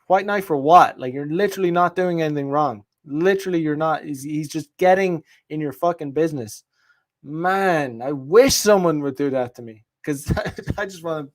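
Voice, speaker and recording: A podcast host, a man, talking in a heated, profane casual monologue with lots of emphasis. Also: a little high.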